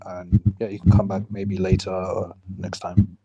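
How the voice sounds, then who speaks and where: A man hosting a casual livestream discussion from a video call, with a mellow, warm tone. He probes with questions and restates the other speaker's points back. He also slips in jokes as he goes. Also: sits low, monotone, normal speed, creaky, husky, dry recording, lo-fi sound. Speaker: livestream host.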